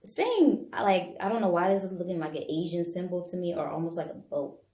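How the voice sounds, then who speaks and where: A woman talks to viewers through a casual tarot and bone-throwing reading. Her voice sits on the low side and she is chatty and animated, laughing often. The sound is echoey, as if picked up by a camera mic in a bare room. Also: fast.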